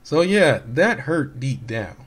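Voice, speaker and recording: A man's voice: medium pitch, big pitch swings, takes it slowly, fairly bright tone, breathy edge. A man in his late twenties or thirties talking casually on his own channel, rambling with many restarts and fillers, candid and hurt as he recounts what others said. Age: late 20s to 30s. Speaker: gaming YouTuber. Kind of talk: casual personal vlog talk.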